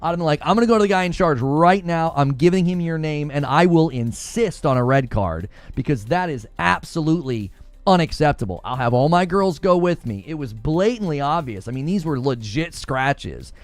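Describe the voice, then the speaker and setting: Casting: middle-aged male podcast host, lively swooping pitch, heated chatty storyteller, soft music underneath. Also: moderate pace, no echo. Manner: animated, heated storytelling with many restarts. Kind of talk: casual chat.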